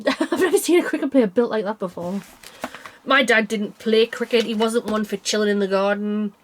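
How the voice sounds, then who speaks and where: A woman's voice: fairly high pitch, moderate pace, a little hiss or hum. A young woman chatting casually about cross stitch designs, tired and yawning, rambling with small laughs. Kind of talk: casual chat.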